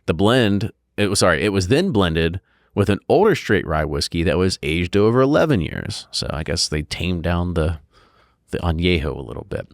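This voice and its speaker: Casual podcast host, male, deep and dry, chatty news reader who riffs between items. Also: sing-song, normal speed, no echo. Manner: chatty, jokey, reads items then riffs. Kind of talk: casual news roundup chat.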